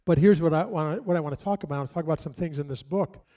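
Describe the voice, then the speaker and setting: A middle-aged man preaching a sermon as a pastor, telling stories in a conversational way with dramatic pauses. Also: a little high, mellow.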